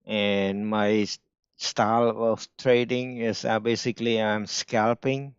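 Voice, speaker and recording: Male streamer, non-native English with a strong accent, slow and halting, smooth voice, dry muffled audio. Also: lowish voice, fairly even intonation, no echo. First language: not English. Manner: halting, restarts often, slow careful phrasing. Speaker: day trader streaming live. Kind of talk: casual live-stream talk.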